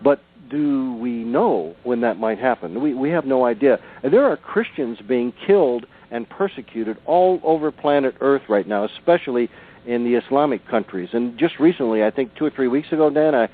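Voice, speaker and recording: A man's voice: medium pitch, animated, normal speed. A man in his sixties, a guest on a radio show, telling stories in an earnest, emphatic way over the phone. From Southern California. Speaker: author and researcher guest. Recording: tinny phone line.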